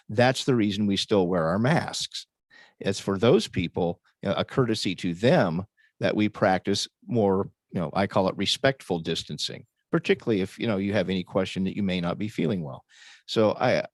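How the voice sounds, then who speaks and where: A man speaking as a panelist in a casual group discussion, measured and wry. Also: fairly low pitch, dry recording.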